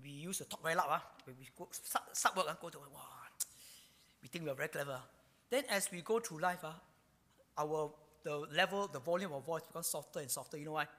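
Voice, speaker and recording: A man preaching a sermon, often dropping to hushed asides and repeating himself while he hunts for words. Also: fairly high pitch, in a large hall. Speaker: pastor.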